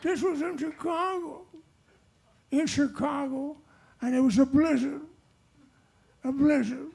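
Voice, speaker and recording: An older man accepting an award on a nightclub stage, telling jokes in a halting, wandering way. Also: extremely high pitch, steady tone, gravelly, a little mellow. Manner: halting and wandering, with lots of restarts. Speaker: award honoree. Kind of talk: rambling speech with told jokes.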